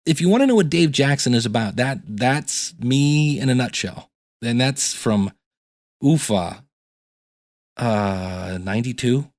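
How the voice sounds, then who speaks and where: A man's voice: mid-range voice, measured pace, no room sound, clean studio sound. A middle-aged male podcast host and teacher talking casually in a solo episode, telling stories and reading listener emails aloud. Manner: storytelling, reads emails aloud.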